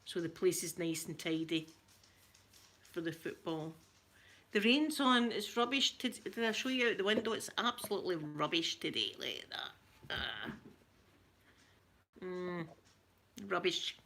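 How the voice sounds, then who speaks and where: A Scottish woman from Scotland chatting casually to her viewers, now and then cooing softly in baby talk to her pet. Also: fairly low pitch, very animated, measured pace, pauses often. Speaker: ASMR channel host.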